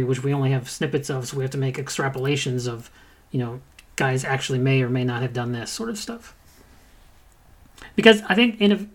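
Blunt, profane man, wry podcast host. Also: medium pitch. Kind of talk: casual podcast chat.

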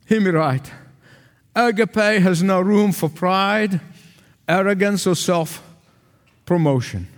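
High-voiced preacher in a reverberant hall. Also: male voice, takes it slowly, long pauses. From Arab world. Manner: emphatic, repetitive preaching cadence. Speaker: pastor. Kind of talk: sermon.

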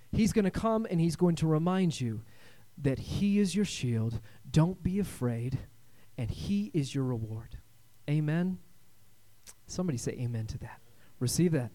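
A man preaching a sermon as pastor, swinging between loud emphatic lines and hushed quiet ones and calling for amens. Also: on the high side, animated, normal speed.

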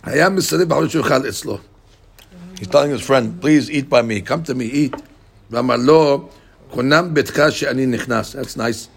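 A man leads a text class at a rapid clip in a gravelly, husky voice pitched a little high. He acts out the people he quotes and often repeats his words as he explains. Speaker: Talmud class teacher.

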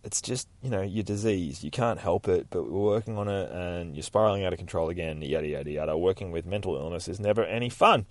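A man's voice: low voice, fast talker, hardly any pauses, dry recording, voice pushed down, close to an everyday voice. A man voicing a blunt, impatient psychiatrist in a comic book recap.

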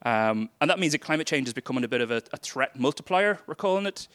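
A man's voice: mid-range voice, expressive, fast talker, fairly bright tone, no echo. Chatty Irish man giving a talk. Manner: chatty, self-deprecating, loose and conversational. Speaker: charity workshop speaker. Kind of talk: casual presentation to a youth group.

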